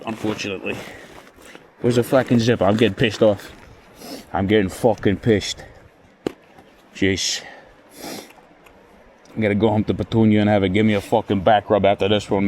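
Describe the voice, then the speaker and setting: A man's voice: fairly low pitch, darkish tone, slight background noise. A man vlogging while fishing outdoors, muttering frustrated, profane commentary to himself. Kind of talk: casual solo commentary. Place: outdoors by cold water.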